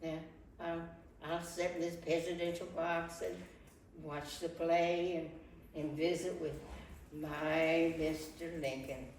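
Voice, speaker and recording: A woman's voice: lowish voice, level tone, darkish tone. A woman in her nineties playing a fretful first lady, echoey. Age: 90s. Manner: halting, repeats words, frequent restarts. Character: fretful Civil War-era first lady, devoted wife. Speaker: historical portrayer. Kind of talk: first-person historical monologue. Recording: echoey room from far off, faint noise.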